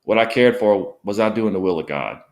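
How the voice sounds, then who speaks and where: A middle-aged missionary guest on a podcast tells an emotional personal story in a fairly low, expressive voice, speaking fairly quickly. He comes across as earnest and often repeats himself.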